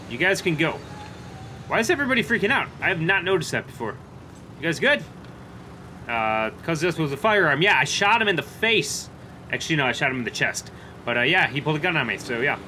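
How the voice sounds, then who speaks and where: This young YouTuber's voice is a little high and bright, with a forceful tone, as he plays a police officer in a game. He narrates casually and talks to dispatch in police lingo, staying in character, over clear game audio.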